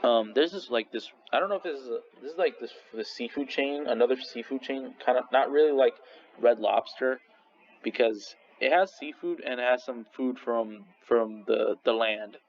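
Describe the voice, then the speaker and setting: A man's voice: medium pitch, moderate pace. A young man casually ranking restaurants in a rambling, swearing vlog monologue full of restarts. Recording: slightly dull lo-fi recording with faint noise.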